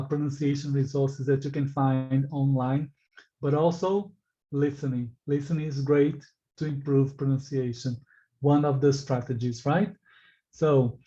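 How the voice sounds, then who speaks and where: A man with a fairly high, mellow voice teaches a live class, carefully articulating each sound. He draws the students in with questions. The sound is somewhat dull and lo-fi. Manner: slow, deliberately articulated teaching delivery; engaging, asks the class questions and reacts to answers. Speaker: English exam teacher.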